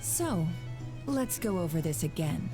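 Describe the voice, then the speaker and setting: An actress playing a sly, composed female gambler and hostess who talks smoothly and teasingly. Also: fairly low pitch, big pitch swings, measured pace. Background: game music.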